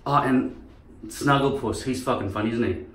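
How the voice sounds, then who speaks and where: A man's voice: medium pitch, normal speed, fairly bright tone, slight background noise. Rambling man, sweary. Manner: rambling, swearing, jumping into impressions. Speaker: vlogger. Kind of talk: rambling casual vlog chat. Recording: roomy sound from a distance.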